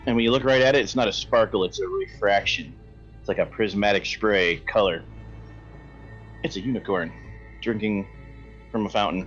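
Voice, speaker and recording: Game master, male, low voice, meandering scene narration; dull lo-fi mic, faint music underneath. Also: moderate pace, long pauses, fairly bright tone. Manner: descriptive, rambling, self-correcting.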